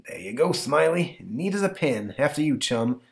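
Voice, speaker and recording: A man's voice: a little high, big pitch swings, normal speed, vocal fry, pitched above the performer's own voice. A smug small-time crook from a comic strip, as a man puts him on, with an oily, wiseguy patter. His voice sits a little above a man's usual.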